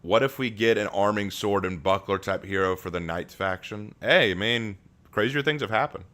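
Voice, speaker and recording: A young man live-streams, reading chat messages aloud and answering with animated, joking banter that rambles and often repeats itself. His voice is on the low side at a moderate pace.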